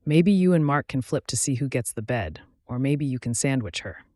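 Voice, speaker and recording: A man's voice: mid-range voice, lively intonation, normal speed, no room sound, clean studio sound, natural voice. A man reading as a furious betrayed wife. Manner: shouting, accusing. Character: angry betrayed wife, adult woman.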